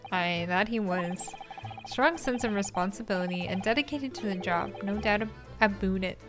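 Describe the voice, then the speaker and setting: A woman reading a gruff male prison governor, slow and clipped, with game music behind. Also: medium pitch, voice pushed down, close to an everyday voice.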